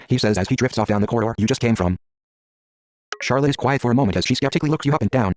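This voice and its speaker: A man's voice: medium pitch, rapid-fire, no room sound. A man reading the narration of a text adventure game aloud in a plain manner.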